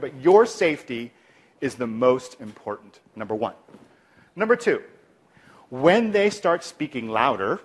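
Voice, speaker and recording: A male clinician gives a lively instructional talk on de-escalation, his voice sitting in the mid-range. He often drops into a soft, calm tone to act out how he'd reply.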